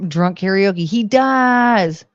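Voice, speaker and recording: A woman's voice: mid-range voice, expressive, extremely slow, no echo, lo-fi sound. A woman streaming from home into a desk mic, chatting casually and rambling with lots of "like" and "um". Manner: rambling, heavy use of "like" and "um". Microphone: desk microphone.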